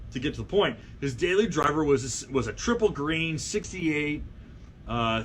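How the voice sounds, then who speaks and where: Middle-aged male host, mid-pitched, chatty and rambling, brightens when quoting, light background hiss. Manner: rambling, frequent fillers and restarts, animated when quoting people. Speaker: magazine editor and show host. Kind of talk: casual storytelling to camera.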